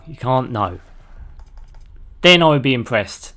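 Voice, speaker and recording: A man's voice: mid-range voice, big pitch swings, unhurried, a bit bright. A man giving casual live-stream commentary while playing a video game, rambling and chatty as he talks to his viewers. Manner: laughs easily at his own jokes.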